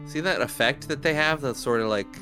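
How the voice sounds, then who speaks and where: Man, game streamer, casual banter, swears a lot, mid pitch, faint background music. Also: fairly quick. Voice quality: joking, swears freely.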